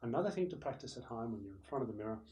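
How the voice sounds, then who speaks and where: A man's voice: medium pitch, racing, rough recording. Man teaching, conversational. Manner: conversational, animated, demonstrates loud and soft voices. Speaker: presenter teaching presentation skills. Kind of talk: recorded lecture. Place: room with a camera operator.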